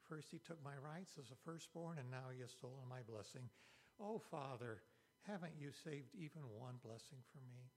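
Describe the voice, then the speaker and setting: A man reading a desperate son begging. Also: expressive. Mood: pleading. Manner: pleading, raised pitch, drawn-out words. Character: anguished grown son pleading with his father.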